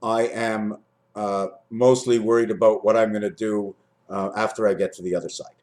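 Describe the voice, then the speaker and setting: A man's voice: little pitch movement, moderate pace. Rambling man in his fifties. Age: 50s. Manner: rambling, swings between high loud bursts and low muttering. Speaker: vlogger. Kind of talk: rambling spiritual monologue.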